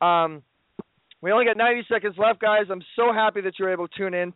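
This man hosts a radio talk show, finishing with an excited promotional sign-off full of effusive, pleading plugs and banter. He speaks fast in a high-pitched voice with fairly even intonation, on a dry, echo-free, tinny phone-like line.

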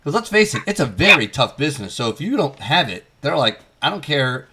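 Bright-toned male host, faint noise. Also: mid-range voice, very animated, fast. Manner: playfully acts out quoted lines. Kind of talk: casual interview chat.

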